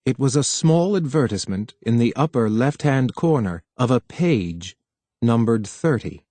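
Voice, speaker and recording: Steady male audiobook narrator. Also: mid-range voice, dry recording. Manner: steady, measured reading. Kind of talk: scripted narration.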